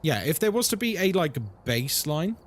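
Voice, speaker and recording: A man streaming live and chatting casually with viewers, animated and swearing freely. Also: fairly high pitch, normal speed. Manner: animated, swears freely, drops into mock voices.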